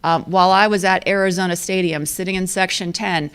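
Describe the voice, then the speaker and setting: A woman's voice: fairly low pitch, steady tone, a little fast, smooth. A woman in her fifties giving a conversational, self-deprecating storytelling speech as an athletic director, often laughing at herself. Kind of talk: storytelling club luncheon speech.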